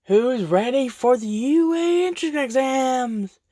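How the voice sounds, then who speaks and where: A narrator putting on a loud showy male announcer. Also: high voice, animated, takes it slowly, no room sound, pitched above the performer's own voice, heavily acted. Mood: hyped. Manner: hyped, emcee-style greeting.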